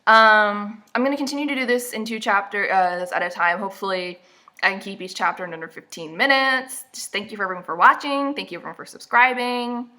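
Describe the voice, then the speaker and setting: A young woman with a bright, clear-edged voice picks apart a book in a casual recap. She talks straight to her camera from an indoor seat, throwing in sarcastic asides. Her voice is a little stuffy from allergies. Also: mid-range voice, brisk. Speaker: vlogger.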